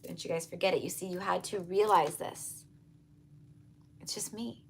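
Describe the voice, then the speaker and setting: A woman's voice: on the low side, steady tone, fairly quick, creaky, slight background noise. A woman giving a casual tarot reading, talking earnestly and repetitively to her viewers. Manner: earnest, repetitive, emphatic, addresses viewers as you guys. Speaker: tarot reader.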